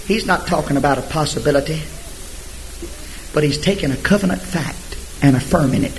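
A man preaching a sermon emphatically, swinging from hushed asides to shouted scripture. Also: fairly high pitch, a little fast, slight background noise, poor audio.

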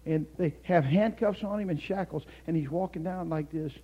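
An older man delivers a sermon from the pulpit in a fairly high voice. He drops to a near whisper for the story, then rises to fervent, shouted calls. The sound is muffled and dull. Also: normal speed, husky. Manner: swings from hushed storytelling to shouted, impassioned preaching. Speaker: preacher.

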